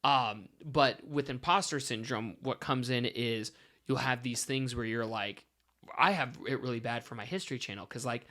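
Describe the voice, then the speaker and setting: Bright, animated podcast guy. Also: mid-range voice, normal speed. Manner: animated, self-deprecating storyteller. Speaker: podcast guest. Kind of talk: casual podcast chat. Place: home studio.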